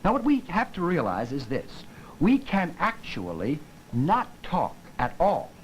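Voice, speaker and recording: A man lectures with animated, sweeping intonation, showing off how his voice rises and falls. His voice sits a little high for a man. Faint hiss of an old broadcast runs underneath. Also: measured pace, poor audio. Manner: lively, demonstrates intonation with his own voice. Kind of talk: televised linguistics lecture.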